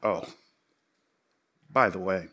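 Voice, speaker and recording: A middle-aged man, a pastor, preaching a sermon in an animated, joking way. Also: low-pitched, takes it slowly.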